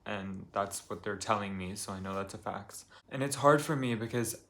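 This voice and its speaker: A young man from the United States speaks in a calm, fairly low voice, recording a confessional vlog in his apartment. He rambles softly, piling up fillers as he talks things through. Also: moderate pace. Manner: calm, soft-spoken, rambling with many fillers. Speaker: vlogger.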